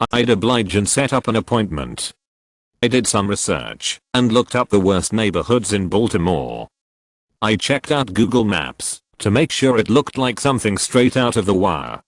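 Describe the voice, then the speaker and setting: A man's voice: on the low side, no room sound. A man's voice, possibly computer-generated, reading online posts as a matter-of-fact narration and spelling out symbols and acronyms literally. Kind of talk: scripted narration.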